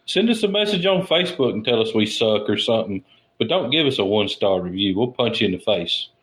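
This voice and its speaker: A man's voice: lowish voice, very animated, a little fast, fairly bright tone, poor audio. A man with a Southern US accent, co-hosting a podcast and ribbing the others in a brash, boastful way. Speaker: podcast co-host. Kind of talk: casual joking banter.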